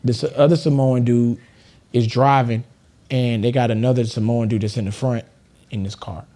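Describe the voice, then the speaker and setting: This podcast guest, a middle-aged man from Los Angeles, has a warm mid-range voice with fairly even intonation at a normal pace, recorded on a studio mic. His storytelling is casual and lively, with frequent laughter and people acted out in a raised voice.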